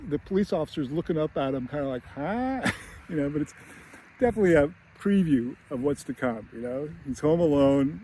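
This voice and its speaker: A man's voice: on the high side, fairly quick, mellow, slight background noise. A man giving a casual, rambling film analysis with many fillers and chuckles. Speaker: screenwriting commentator.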